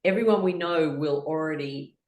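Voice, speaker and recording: A woman's voice: low-pitched, moderate pace, a little mellow, reverberant. A woman leading a guided laughter exercise, chanting rhythmic laughing sounds and giggling between her instructions. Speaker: laughter session leader.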